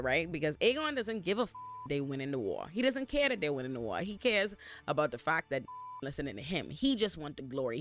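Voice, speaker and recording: A man giving an expressive, profane recap of a TV episode, acting out the characters as he goes. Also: fairly high pitch. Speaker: show recap host. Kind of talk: animated TV recap commentary. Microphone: facing camera.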